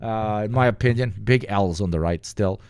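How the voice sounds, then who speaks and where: A man's voice: lowish voice, moderate pace, a little mellow, clean tone, no echo. A man from the Balkans giving sarcastic, profane livestream reaction commentary that rambles from point to point. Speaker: streamer.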